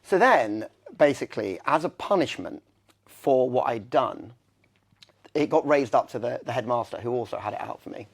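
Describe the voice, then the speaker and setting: A young man speaks candidly as an interview guest, his stories loose and rambling, full of fillers and self-corrections. His voice sits at an ordinary middle pitch. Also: lively intonation, moderate pace, vocal fry. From England. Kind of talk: conversational storytelling.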